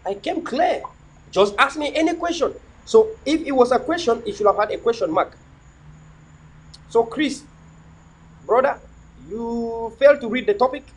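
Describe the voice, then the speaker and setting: A middle-aged man holds forth on his livestream in a very high, husky voice. He preaches and repeats himself, firing off rhetorical questions in a lively, swinging delivery. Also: moderate pace, long pauses, low-quality recording. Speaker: livestream host. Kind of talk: impassioned livestream monologue.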